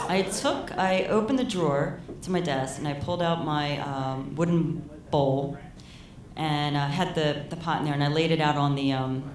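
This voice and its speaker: A woman's voice: low voice, slight background noise. A woman telling a personal story live on stage, in a casual, rambling way full of "like" and "you know". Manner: casual, rambling, heavy use of "like". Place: live storytelling event in a venue. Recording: roomy live hall, mic heard from a distance.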